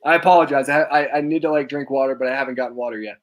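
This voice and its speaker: A young man hosting a live chat, excited and laughing, acting out quoted lines, his voice cracking from talking a lot. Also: medium pitch, rapid-fire. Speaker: host. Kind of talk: casual live-stream chat.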